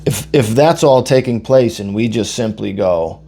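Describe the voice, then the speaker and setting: A young man talking casually into the camera, with a hoarse voice he says he is losing, rambling loosely and swearing as he goes. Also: on the low side, a little slow, warm tone. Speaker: vlogger.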